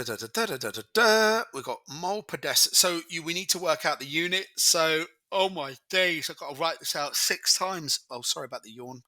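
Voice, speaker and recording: A man with a very bright, tense tone walks through chemistry exam answers in a chatty, working-it-out-aloud way. The sound is dry and close, with no room around it. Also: medium pitch, dry recording. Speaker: chemistry tutor. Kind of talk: exam walkthrough lesson.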